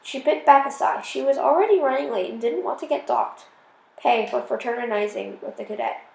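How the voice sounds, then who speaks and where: A woman's voice: a little high, fairly quick, gravelly, a little mellow, roomy sound, poor audio. A woman reading a novel aloud, often stumbling and correcting herself as she goes. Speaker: audiobook reader.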